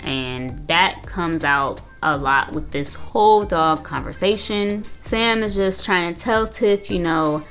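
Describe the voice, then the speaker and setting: A woman's voice: on the low side, slow pace, hardly any pauses, a bit bright. A young woman recapping and reacting to a reality show in casual chat, blunt and full of "like" and "you know". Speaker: reaction video host, counseling student.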